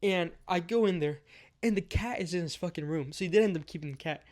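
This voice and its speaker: A young man recounts a wild night in a loose, conversational storytime. His voice sits a little on the high side, and he leans on filler words and casual swearing as he rambles forward. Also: fast, a little mellow.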